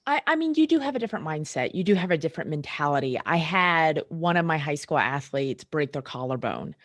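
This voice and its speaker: A middle-aged woman chiropractor, a guest on a casual podcast, tells her stories with animated energy and acts out the people she describes. Her voice sits a little low, and the sound is dry with no room echo. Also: a little fast.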